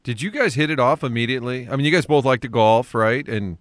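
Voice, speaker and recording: A man's voice: mid-range voice, animated, fast talker, no echo. Man hosting a casual interview. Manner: friendly, joking questions. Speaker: interview host.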